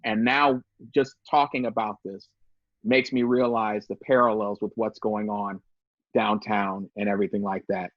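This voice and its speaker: A man, a podcast guest, giving an earnest and measured personal account in casual talk. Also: on the low side, little pitch movement, no room sound. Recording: dull dry lo-fi sound.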